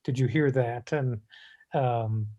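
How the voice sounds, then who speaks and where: A man from Illinois, a guest musician answering interview questions in a halting way, with many pauses and fillers. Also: medium pitch, mellow, lo-fi sound. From Illinois, USA.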